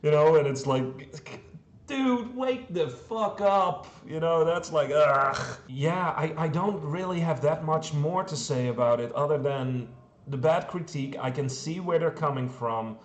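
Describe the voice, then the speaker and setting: A man's voice: on the high side, normal speed. A man from the Netherlands with a Dutch accent, reviewing a movie in a chatty way, with frequent chuckles and plenty of fillers. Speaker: film reviewer. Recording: roomy echo.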